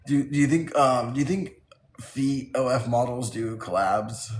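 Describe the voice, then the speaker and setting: Guy on a live stream cracking up at his chat, slow easygoing talk, bit of faint background noise. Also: medium pitch, echoey room. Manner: giggly, reading and riffing on chat.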